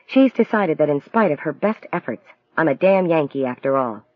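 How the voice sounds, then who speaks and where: Man reading young Southern woman in an audiobook, soft and teasing, light drawl. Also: on the high side, expressive, normal speed, no echo, highs cut off, lightly acted. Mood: wry, teasing. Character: bright, direct young woman student from the South.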